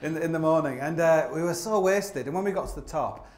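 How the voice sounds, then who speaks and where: A man tells rambling, self-mocking stories from a theatre stage, his voice sitting a little high for a man. His talk is thick with "like" and restarts. The stage mic picks him up in a roomy hall with plenty of echo. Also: fast talker. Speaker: climber giving a live stage talk. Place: opera house stage. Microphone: stage microphone.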